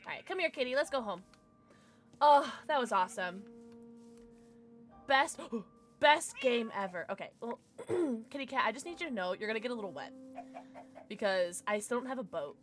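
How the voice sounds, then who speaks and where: Excitable young woman gaming streamer. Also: a little high, moderate pace, long pauses, soft background music. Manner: chatty and excitable, squealing baby talk to pets. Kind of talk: casual gameplay livestream chat.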